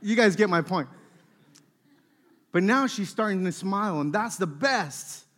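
A man in his thirties preaching a sermon, telling family stories with lively acted-out dialogue. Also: sits high, a little slow. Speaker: pastor.

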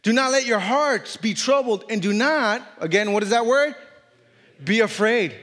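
A man's voice: very high-pitched, expressive, moderate pace, a bit bright. A man with an accent preaching a sermon, reading scripture and then driving his points home with repetition. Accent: non-native English. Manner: reads scripture aloud, then preaches with repetition and rising emphasis; jokes self-consciously about his accent. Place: church hall. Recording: long hall reverb.

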